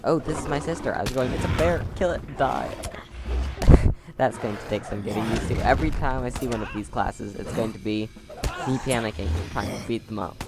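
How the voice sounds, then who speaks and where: On a close desk mic at home, a man with a lowish voice talks fast through a let's play, chatty and sarcastic with wry asides as he plays a video game. Heavy background noise fills the clip.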